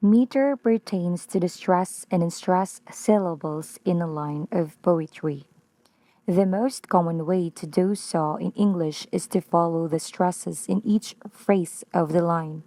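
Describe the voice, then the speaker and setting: A woman with a Filipino accent reading a prepared lesson on poetry, slow and careful. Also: fairly low pitch, warm tone, dry recording. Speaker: student presenter.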